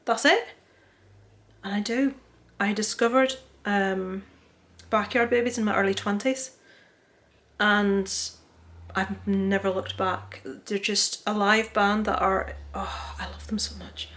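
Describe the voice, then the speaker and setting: A woman, chatting casually to a handheld phone camera at home, excitable, sweary and self-deprecating. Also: medium pitch, takes it slowly, pauses often. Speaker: vlogger. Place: home, indoors.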